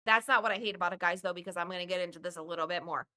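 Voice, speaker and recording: A woman's voice: lowish voice, rapid-fire. A woman hosting a podcast, casually retelling a movie plot with lots of swearing and acted-out voices. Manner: animated storytelling, acts out characters, swears freely. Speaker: podcast host. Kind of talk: casual movie review chat.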